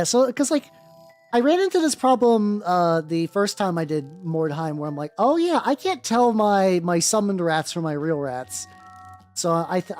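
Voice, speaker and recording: A woman's voice: lowish voice, darkish tone. A woman streaming while she paints miniatures, rambling casually, greeting viewers and swearing now and then. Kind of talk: casual livestream chat. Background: faint background music.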